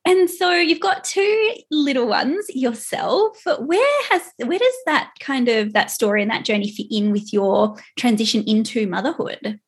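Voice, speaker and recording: A woman hosting a podcast, affirming her guest and speaking with animated, laughing energy. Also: fairly high pitch, unhurried, few pauses, husky. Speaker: podcast host. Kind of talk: conversational interview.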